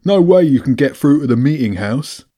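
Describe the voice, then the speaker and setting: A man's voice: mid-range voice, expressive, moderate pace, dark tone, slightly rough, pitched above the performer's own voice. A man reading an audiobook voices a blunt male rat fighter.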